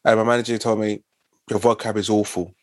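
A man's voice: fairly low pitch, fairly even intonation, fairly quick, darkish tone, no echo. A man in casual podcast chat, earnest and opinionated, restarting his sentences often.

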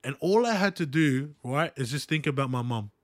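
A man's voice: mid-range voice, expressive, moderate pace, dry recording. Earnest Australian man, dry close sound. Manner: earnest, repetitive, with frequent "right?" and "guys" asides. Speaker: podcast host. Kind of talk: casual motivational monologue.

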